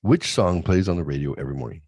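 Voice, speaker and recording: A middle-aged man hosting a crude, casual chat show, loud and laughing, often putting on high voices to mimic his kids. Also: lively intonation, quick pace, no room sound. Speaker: podcast host.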